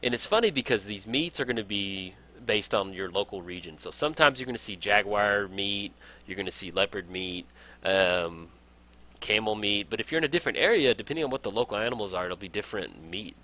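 A man's voice: on the low side, expressive, a little fast, bright, forceful tone. A young man casually talking through a strategy game as a let's play host, upbeat and enthusiastic, laughing often. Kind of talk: casual game tutorial commentary.

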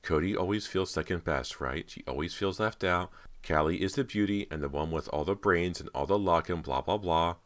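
A man's voice: low voice, moderate pace, hardly any pauses, natural voice. Guy reading as a snooty teen actress, talks down to everyone, cool and catty. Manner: condescending and mocking. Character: snide teenage girl actress, catty rival.

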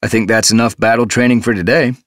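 A man's voice: mid-range voice, steady tone, fast, fairly bright tone, no room sound, voice pushed up, natural voice. Earnest, decisive tomcat leader, as a male narrator plays him, lifted a little, dry sound. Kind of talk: audiobook character voice.

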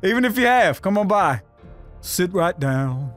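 A man hosting a gaming channel, trading loud, swearing trash talk while playing a fighting game. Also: high-pitched, big pitch swings, a little slow, soft background music. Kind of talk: excited gaming banter.

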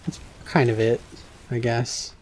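A man co-hosting a casual game let's play, cracking dry, deadpan jokes. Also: mid-range voice, measured pace. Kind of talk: casual gaming chat.

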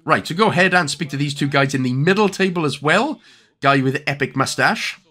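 A man's voice: on the high side, brisk, pushed and bright. A young man with a Welsh accent giving chatty, jokey game walkthrough commentary with lots of fillers. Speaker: gaming YouTuber.

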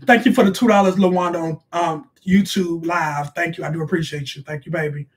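A man's voice: on the high side, steady tone, natural voice. A man playing a bossy, sassy middle-aged mother who scolds her kids while hosting a live stream from a bedroom. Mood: chatty. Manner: scolding, brash, quick to snap at the kids. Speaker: live stream host reading donations. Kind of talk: comic live-stream character sketch. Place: bedroom at home.

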